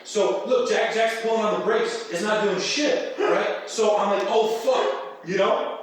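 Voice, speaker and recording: Profane, animated man in an echoey room. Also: high-pitched, a little slow. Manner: animated, profane, laughing storyteller. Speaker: podcast guest. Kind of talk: casual storytelling chat. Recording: echoey room, distant mic, faint noise.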